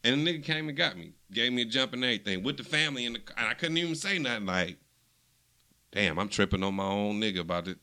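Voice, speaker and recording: A man co-hosting a casual podcast chat, telling a long animated story and acting out what others said. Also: medium pitch, fast, clear, resonant tone. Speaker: podcast co-host.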